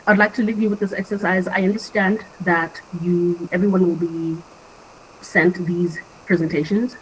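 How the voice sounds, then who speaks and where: Young adult woman, from Africa, online workshop presenter, earnest, chatty, lowish voice, faint hiss. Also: low-quality recording. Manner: earnest and conversational, with frequent fillers.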